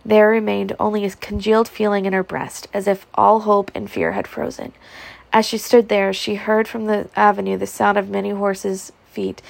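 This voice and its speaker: A woman's voice: medium pitch, vocal fry, no echo. A woman reading a novel aloud as an amateur audiobook narrator, telling it steadily with small slips. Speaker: audiobook reader.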